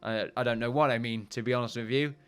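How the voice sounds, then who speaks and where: A British man chats through his gameplay in a loose, rambling way, cracking jokes and swearing freely. His voice is smooth and clear at a middling pitch. Faint game music plays softly behind him. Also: steady tone, fast. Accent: British English. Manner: rambling, jokey and profane. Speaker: gaming video host. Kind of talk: casual gameplay commentary.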